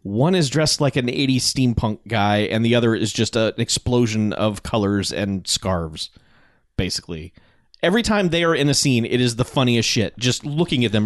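A man's voice: medium pitch, moderate pace, dry recording, studio quality. A man co-hosting a casual movie podcast, joking and laughing as he describes scenes and characters. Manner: enthusiastic, joking, laughs often. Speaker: podcast co-host. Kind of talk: casual movie-review chat.

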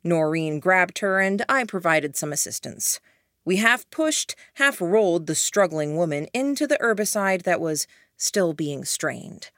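Audiobook narrator: woman, lowish voice, measured first-person read, dry close sound. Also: lively intonation, a bit bright, no echo.

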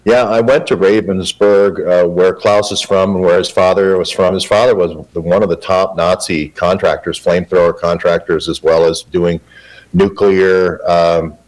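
A man's voice: sits low, fairly even intonation, normal speed, a little mellow, rough recording. A man being interviewed as a guest journalist, rambling in a matter-of-fact way with many fillers. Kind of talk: interview answer.

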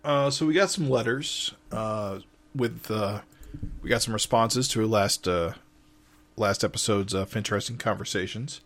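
A man's voice: fairly low pitch, unhurried, a bit bright. Hesitant man co-hosting a podcast. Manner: hesitant, many "uh" fillers. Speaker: podcast co-host. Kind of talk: casual chat, reading a listener letter.

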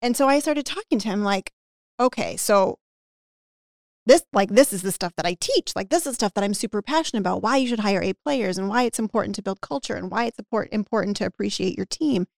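Woman with a gravelly, dry voice. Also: medium pitch, fairly quick, no room sound. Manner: animated anecdote-telling with acted-out quotes and frequent "like". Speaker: podcast guest who teaches business owners about hiring and team culture. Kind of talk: casual podcast storytelling.

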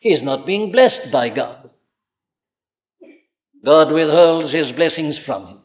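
Male preacher, fairly high voice, insistent rhetorical delivery, muffled archival church recording. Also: lively intonation, slow pace, in a large hall. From Wales. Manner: earnest, insistent, rhetorical questions. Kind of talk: evening sermon.

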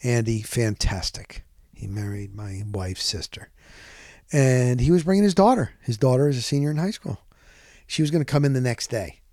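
A middle-aged man hosting a podcast, telling a rambling story in a casual, animated way and often correcting himself. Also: fairly high pitch, no room sound, clean studio sound. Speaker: podcast host.

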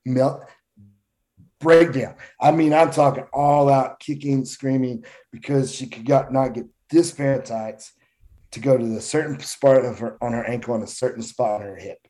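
Man, guest coach, mellow relaxed voice, mid pitch, candid self-deprecating chat. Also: moderate pace. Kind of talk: casual chat.

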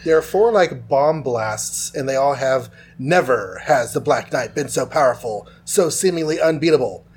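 A man casually retelling a comic book plot, tossing in quick voices for the characters. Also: mid-range voice, expressive, breathy edge. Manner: loose, chatty retelling with quick dialogue voices. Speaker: podcast host.

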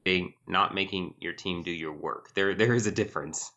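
Male podcast host, lowish voice, bright tone, joking and casual, dull lo-fi sound. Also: normal speed. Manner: joking, laughs often, reads out listener email.

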